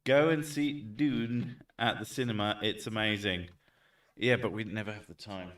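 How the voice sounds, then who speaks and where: A man chatting casually and jokingly on stream, swearing now and then and throwing in loud bits. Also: fairly low pitch, fairly even intonation, normal speed. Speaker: streamer host. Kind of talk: casual chat. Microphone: desk mic set back from him. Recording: echoey room, far from mic.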